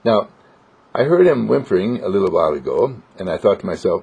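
A man's voice: low voice, big pitch swings, brisk, creaky, a little mellow, husky. A man giving a spiritual motivational monologue in a sing-song, joyful way, repeating simple affirmations, on a dull lo-fi recording. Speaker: inspirational speaker.

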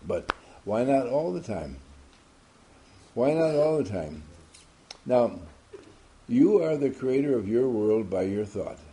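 A man's voice: mid-range voice, warm tone. A man giving an emphatic motivational talk to a group, asking many rhetorical questions. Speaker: motivational speaker.

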